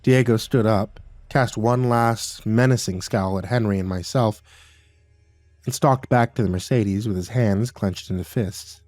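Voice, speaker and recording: A man narrating a scripted horror story in a calm, measured way. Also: lowish voice, no room sound.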